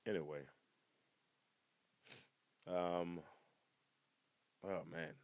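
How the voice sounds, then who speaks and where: A man hosting a comedy podcast, rambling casually from one topic to the next with joking asides and sudden loud excited outbursts. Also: deep voice, extremely slow, clear, resonant tone, dry recording.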